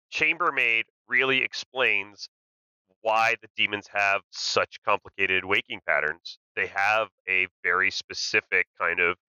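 Co-host guy chiming in to clarify, super bright smooth voice. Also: on the low side, dry recording, dull audio. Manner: agrees briefly and adds quick clarifications. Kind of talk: casual game-strategy discussion.

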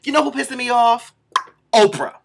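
A man's voice: very high-pitched, normal speed, gravelly. A man doing a sassy, profane comedic gossip rant, tagging nearly every line with "girl". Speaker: vlogger doing a comic rant. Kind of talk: camp comedic gossip monologue.

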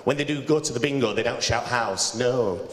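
On stage in a hotel cabaret room, a Yorkshire comedian and singer trades cheeky, chatty banter with the audience. His mid-range voice moves at normal speed, with roomy hall reverb.

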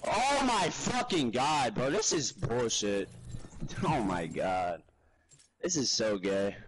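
A man giving live gaming commentary, swearing and getting frustrated, sometimes yelling in bursts. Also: on the low side, a little hiss or hum, rough recording. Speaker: gamer playing online matches.

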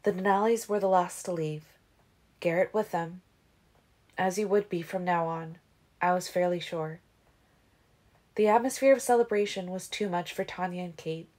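A woman reading a novel aloud as an audiobook in a steady, even way. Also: lowish voice, normal speed, pauses often. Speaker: audiobook reader. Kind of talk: audiobook narration.

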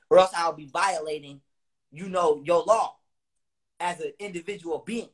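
A man delivering a heated, profane monologue to his viewers. He repeats lines for emphasis, with loud bursts between lower, quieter stretches. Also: husky. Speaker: online speaker.

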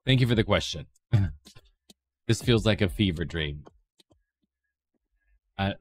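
A man chatting on a livestream in a goofy put-on bit. His voice sits on the low side but leaps wildly in pitch. He switches between silly high squeaks and flat mumbles. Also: slow, long pauses. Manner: playful, rambling, swings between breathy silly highs and deadpan mumbling. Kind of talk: comedic stream chat impersonating a woman streamer.

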